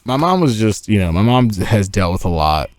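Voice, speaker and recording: A man's voice: fairly low pitch, very animated, normal speed, dry recording. Crude joking young man streamer. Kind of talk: casual live-stream chat and storytelling. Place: inside a tent.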